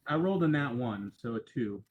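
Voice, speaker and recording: A man's voice: mid-range voice, lively intonation, a little fast, phone-quality sound. A man playing at a tabletop game, chatting offhandedly. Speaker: player. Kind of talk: casual game table chat.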